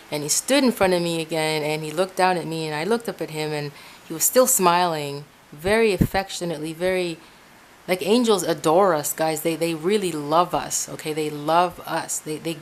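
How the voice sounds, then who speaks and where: Animated woman telling a personal story. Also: low voice, a little hiss or hum. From Ecuador. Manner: animated storyteller, addresses listeners as "guys", frequent restarts and repeats. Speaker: Christian testimony speaker. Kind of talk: casual spoken personal testimony. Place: indoors at home, in her room.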